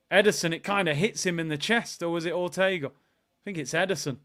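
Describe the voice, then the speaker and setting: A young man hosting a live football watchalong, chatty and excitable, bursting into shouts at big moments. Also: high voice, a little fast.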